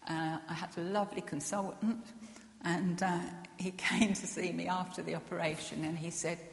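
A woman gives a gentle, earnest personal testimony, pausing often with fillers and soft laughs. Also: lowish voice, little pitch movement, gravelly. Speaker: speaker sharing a personal testimony. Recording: echoey hall with long reverb.

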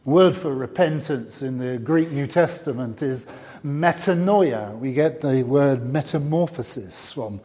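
A middle-aged man delivers a sermon at an unhurried pace, often restarting phrases and filling pauses. His voice carries through a large church with a long reverb tail. The recording sounds somewhat dull and muffled. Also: medium pitch. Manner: warm storytelling with frequent fillers and restarts. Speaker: preacher.

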